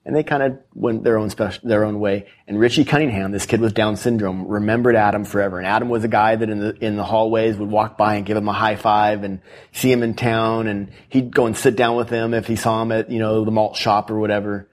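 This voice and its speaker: A man's voice: on the low side, steady tone, brisk. A man who is an author, telling stories earnestly in an interview and quoting the people in them. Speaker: author guest. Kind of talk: animated storytelling interview.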